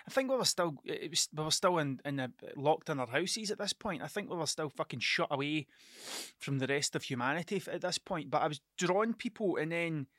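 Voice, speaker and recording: A man's voice: on the high side, expressive, fairly quick, fairly bright tone, dry recording, studio quality. A middle-aged man, hosting a casual solo podcast and telling rambling, sweary stories that keep restarting themselves. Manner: rambling, sweary, self-interrupting storytelling. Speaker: podcast host.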